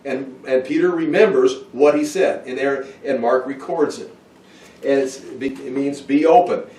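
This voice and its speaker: A man's voice: medium pitch, steady tone, unhurried, darkish tone. Roomy, distant man teaching Bible study. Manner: thinking aloud, with restarts and asides. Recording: roomy, from far off the mic.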